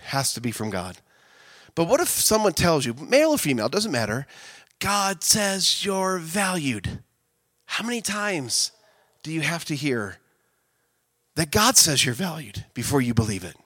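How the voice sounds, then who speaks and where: A man delivers a sermon in a chatty, conversational way that swells into loud, impassioned shouting. His voice is bright and fairly high. The recording is dry and close. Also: very animated, normal speed, breathy edge, no room sound. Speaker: speaker at a women's event.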